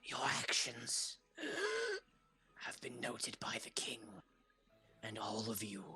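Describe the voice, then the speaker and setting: A man voicing a solemn, regal fish-woman leader in whispered role-play, with a breathy whisper broken by sharp gasps. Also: mid-range voice, steady tone, takes it slowly, heavily acted.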